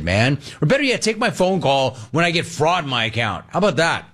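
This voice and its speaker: An older man hosting a call-in radio show, ranting in a lively, mocking way. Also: on the high side, a little fast, few pauses. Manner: animated rant with mocking voices. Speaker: sports radio host.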